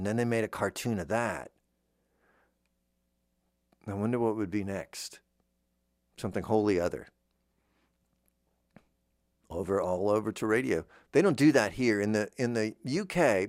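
Low-voiced man musing in a rambling way. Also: dry recording, studio quality. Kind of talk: casual monologue.

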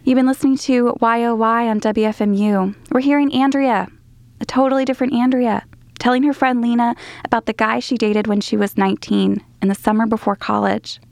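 A woman's voice: fairly high pitch, fairly even intonation, a little fast, vocal fry, darkish tone, dry recording. A woman hosting a radio show, talking directly to her listeners. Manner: direct, speaks straight to listeners. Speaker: radio host. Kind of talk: radio host link.

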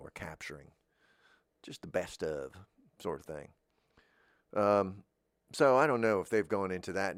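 A middle-aged man with a Southern American accent rambles through a comic monologue in a deadpan, wandering way. His voice sits low, and the sound is dry and close, with no room around it. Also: no room sound. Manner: deadpan, meandering, drifts into goofy voices. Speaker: podcast host.

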